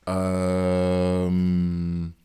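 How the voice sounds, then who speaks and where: A man's voice: sits low, monotone, drawn-out words, dark tone, smooth. A middle-aged man chatting casually on a game live stream, teasing his chat and reacting to gameplay. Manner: chatty, teasing chat readers, talks to viewers while playing. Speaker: gaming streamer.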